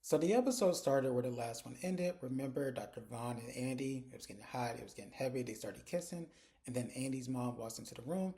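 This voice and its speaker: Guy chatting thru a tv recap, casual, mid pitch. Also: animated, a little fast, dark tone. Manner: chatty, conversational. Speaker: TV episode reviewer.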